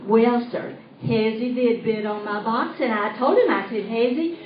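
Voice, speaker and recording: A woman's voice: on the high side, moderate pace, close to an everyday voice. A woman doing a comic impersonation of a chatty rural country gal in a hat with a price tag, with a rural Southern accent, telling folksy, giggly stories in a live stage monologue. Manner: folksy, hollering, giggly storytelling. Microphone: tablet recording from the audience. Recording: echoey, distant, dull live recording with faint hiss.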